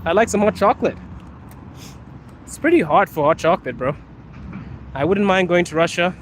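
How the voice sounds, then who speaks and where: On a live stream with faint street and traffic sounds behind him, a man with a high, expressive voice talks at a moderate pace. He laughs a lot while answering viewers' questions, calls them bro, and coughs because of allergies.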